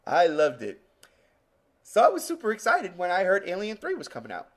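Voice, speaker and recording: A man co-hosting a podcast, talking about movies in an excitable way with lots of swearing. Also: high-pitched, fast. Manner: excitable, swearing, re-enacts scenes. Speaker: podcast co-host. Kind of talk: casual movie chat.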